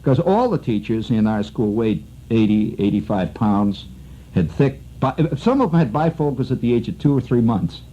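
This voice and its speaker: A man's voice: mid-range voice, expressive, moderate pace, dark tone, slight background noise. A middle-aged man hosting a radio show, telling a long rambling story full of asides. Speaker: radio host. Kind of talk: storytelling monologue. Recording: muffled old radio broadcast with faint music.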